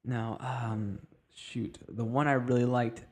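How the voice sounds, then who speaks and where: Male podcast host, casual chat, lively storyteller. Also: medium pitch, slow. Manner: chatty storyteller, acts out quoted voices.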